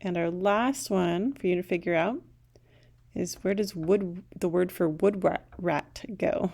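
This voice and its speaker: A woman's voice: fairly low pitch, measured pace, creaky, darkish tone. A woman teaching a recorded language lesson, patiently saying each word twice.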